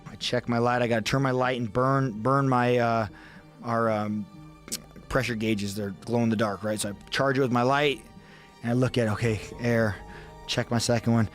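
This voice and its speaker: A man's voice: medium pitch, little pitch movement, moderate pace, faint music behind. Man telling a story, swearing freely. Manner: vivid, acts out his own inner thoughts. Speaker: podcast guest. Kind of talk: casual storytelling.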